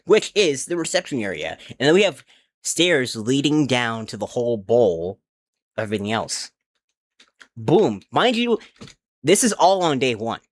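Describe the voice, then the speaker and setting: A man's voice: medium pitch, dry recording. A young man streaming from home on a desk mic, rambling casually to his chat while he builds in a game. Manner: rambling and chatty, talks to chat, counts aloud under his breath. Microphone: desk mic with headphone monitoring.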